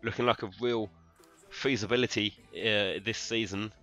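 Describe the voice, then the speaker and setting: A young man from London with a London English accent, chatting excitably to viewers and swearing freely while commentating his own football game. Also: on the low side, moderate pace, muffled recording, soft background music. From London, England. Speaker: gaming streamer. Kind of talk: live gameplay commentary.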